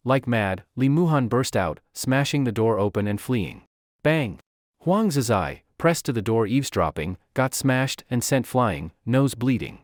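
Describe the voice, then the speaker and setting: Lively male story narrator. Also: mid-range voice, moderate pace, no room sound, studio quality. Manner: animated storytelling. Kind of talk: scripted story recap narration.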